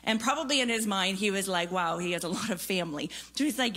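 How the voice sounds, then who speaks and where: A woman preaching a sermon, telling a story in a lively, conversational way with casual fillers. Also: mid-range voice, fast talker.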